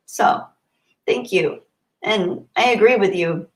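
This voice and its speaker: Speaking slowly and pausing often, this woman has a medium-pitched voice that echoes a little in the room. She's young and on a live stream, reading out comments from viewers and thanking them warmly, occasionally growing tender and emotional.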